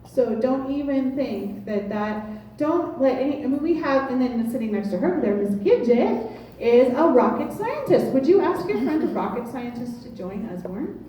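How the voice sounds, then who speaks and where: Animated woman giving a pep talk. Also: sits high, moderate pace, a little hiss or hum. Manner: animated storytelling, laughs often. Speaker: team leader presenting. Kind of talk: motivational sales talk. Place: meeting room with audience. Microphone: far from the mic. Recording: echoey room from far off.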